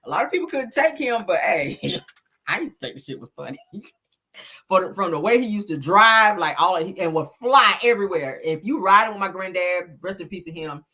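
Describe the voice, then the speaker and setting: Chatty woman host, husky, bright, lively swoops in pitch. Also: moderate pace. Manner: animated, laughing, calls audience child and honey. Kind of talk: casual celebrity news chat.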